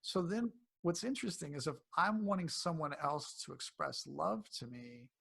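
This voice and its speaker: A man being interviewed as a health coach, speaking casually and acting out quotes in animated voices. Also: a little high, normal speed, gravelly, husky. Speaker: cancer coach guest.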